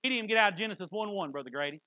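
Fervent high-voiced preacher. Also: male voice, expressive, racing, pushed and bright, dry recording, poor audio. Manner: fervent, emphatic preaching with repeated phrases. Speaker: pastor. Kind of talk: sermon.

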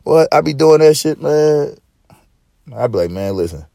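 A man's voice: a little high, unhurried, creaky, warm tone, dry recording. Profane rambling man on a dry mic. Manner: profane, rambling, with frequent restarts; preachy street-slang delivery. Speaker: podcast host. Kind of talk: casual podcast rant.

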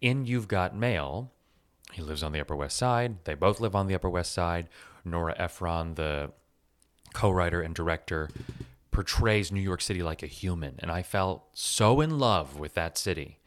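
Deep-voiced guy telling a funny self-roasting story, swears a lot, dry close sound. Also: normal speed, no room sound. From Los Angeles. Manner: animated, self-mocking, freely swearing. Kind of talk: personal storytelling monologue.

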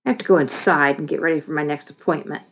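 A woman's voice: low-pitched, quick pace, fairly bright tone, breathy edge, heavily acted. A woman voicing a bossy young boy who runs a small business, talking in a bratty, emphatic way.

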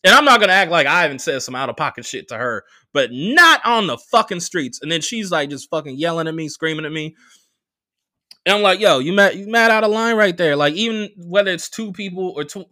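A young man hosting a podcast, telling a story in a casual, profane, animated way and acting out the quotes. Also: on the high side, fairly quick, no room sound, studio quality. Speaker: podcast host.

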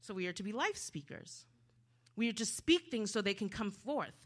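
A woman preacher giving a sermon, swinging dramatically from hushed to loud. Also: medium pitch, expressive, moderate pace.

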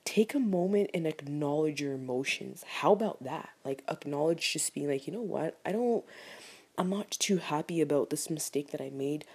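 A woman's voice: sits low, animated, normal speed, a little mellow, husky. A young woman in candid personal talk to camera, rambling and heartfelt, full of "like" fillers, sometimes dropping to a whisper. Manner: rambling, heartfelt, self-critical, many "like" fillers. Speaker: vlogger.

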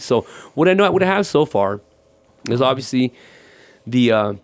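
A man's voice: medium pitch, normal speed, clean tone. A man, a ministry guest, telling his personal testimony and acting out the conversations in it. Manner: animated storyteller acting out dialogue.

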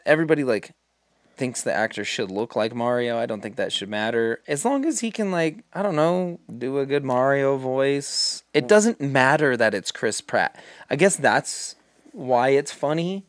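A man's voice: medium pitch, expressive, moderate pace, dry recording. A man co-hosting a casual chat, ranting with sarcastic asides. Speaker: podcast co-host.

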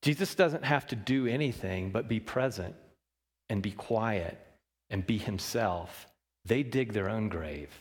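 A man preaching a sermon, shifting between loud emphasis and hushed low lines and asking the congregation questions. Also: measured pace, breathy edge, in a large hall. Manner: talks with the congregation, asks them questions. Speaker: pastor.

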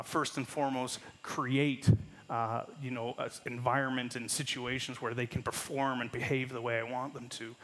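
A man in his thirties stands before his congregation and preaches, spinning an animated story and laughing at his own punchlines. His voice carries the long echo of a large church sanctuary, and his pitch sits at an ordinary male middle. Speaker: pastor. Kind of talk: sermon with storytelling. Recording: long reverb of a church hall.

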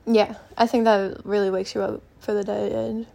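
A woman's voice: medium pitch, flat delivery, moderate pace, gravelly, dark tone, slight background noise. A young woman hosting a podcast, chatting in a meandering way and thinking aloud, with lots of fillers, from a bedroom at her mother's house. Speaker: podcast host. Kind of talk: rambling solo podcast chat.

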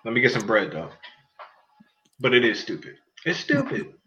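A man hosting a podcast, arguing loudly and joking in casual banter, laughing often. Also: mid-range voice, wildly swooping pitch, normal speed. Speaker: podcast host. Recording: slightly dull sound with faint noise.

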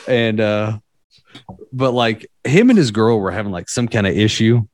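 Rambling, profane low-voiced young man. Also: moderate pace, dry recording, clean studio sound. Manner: rambling, loose and profane, with lots of fillers. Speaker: storyteller. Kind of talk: casual podcast chat.

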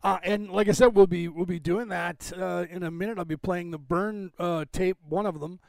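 A man hosting a casual livestream, rambling and interrupting himself while he fixes his screen share, clearing phlegm from his throat. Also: sits high, steady tone, moderate pace, a little mellow, dry recording, studio quality. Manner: rambling, self-interrupting while fixing tech. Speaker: livestream host.

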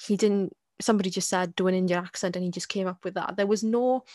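A woman's voice: mid-range voice, fairly even intonation, quick pace, darkish tone, no room sound. A woman co-hosting a casual discussion podcast, talking in a hesitant way with many restarts and repeated words. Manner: hesitant, repeats words, frequent "you get what I mean". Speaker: podcast co-host.

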